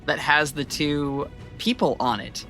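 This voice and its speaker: Bright-voiced woman game master. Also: deep voice, fairly even intonation, a little slow, faint music behind. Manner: descriptive, chatty narration with fillers. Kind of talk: narrating a tabletop game.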